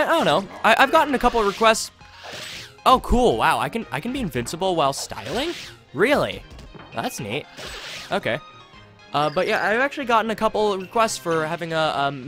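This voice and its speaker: A man's voice: fairly high pitch, a bit bright. A man rambling and joking while commentating a video game playthrough. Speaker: let's play host. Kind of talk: gameplay commentary.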